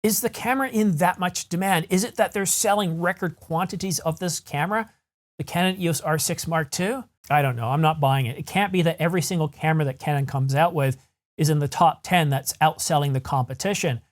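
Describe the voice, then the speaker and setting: A man's voice: on the high side, brisk. Guy venting on his camera news vlog, frustrated, rambly, keeps correcting himself. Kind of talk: solo vlog rant.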